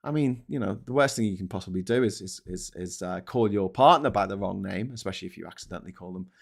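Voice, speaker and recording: With a low, gravelly voice and a quick pace, a middle-aged British host runs a casual live stream. He rambles and curses a lot, poking fun at himself as he goes through comments and papers.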